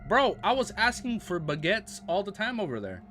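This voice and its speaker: Lively bright-voiced American man streaming. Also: high-pitched, normal speed, soft background music. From United States. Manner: joking, laughs often, mock-French phrases. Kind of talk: casual live-stream chat with viewers.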